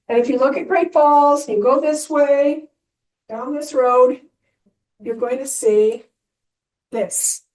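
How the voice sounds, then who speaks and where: A woman's voice: a little high, rough recording. A woman historian giving an informal public lecture, chatty with asides to the audience.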